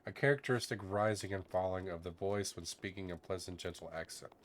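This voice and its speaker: A man from northern Texas with a soft Southern Texan accent, chatting in a relaxed, soft-spoken way with a gentle lilt while streaming a game. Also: sits low, brisk. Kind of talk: relaxed casual chat while gaming.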